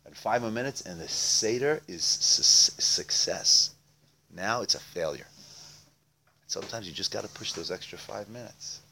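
A man's voice: lowish voice, lively intonation, measured pace, gravelly, pushed and bright, slight background noise. A man telling a Hasidic tale as a religious lesson, in a conversational way with frequent fillers. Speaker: storyteller.

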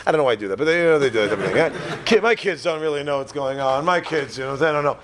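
Racing along in a fairly high voice, an Israeli rabbi teaches an informal Torah class. He's joking and chatty, frequently turning questions on his listeners.

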